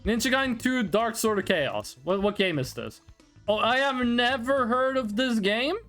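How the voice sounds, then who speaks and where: A casual live-stream talker reacting to chat, blunt and quick to swear. The voice sits in a middle register but swings up and down a lot. Soft music plays faintly behind. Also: mid-range voice. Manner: animated, blunt, swears and laughs often.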